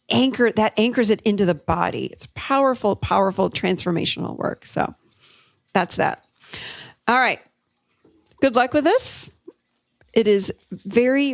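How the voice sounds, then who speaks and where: A middle-aged woman hosting a podcast, telling a coaching story in an upbeat, animated way. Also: mid-range voice, gravelly, dry recording. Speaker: podcast host and therapist. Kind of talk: solo teaching talk.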